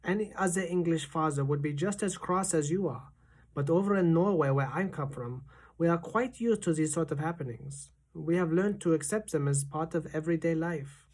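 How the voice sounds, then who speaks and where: A woman voicing a calm, wry old Norwegian grandmother who speaks in a measured way. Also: low-pitched.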